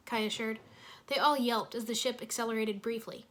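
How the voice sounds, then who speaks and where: A woman reads a story aloud in a lively, expressive way. Her voice is bright and slightly high. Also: normal speed.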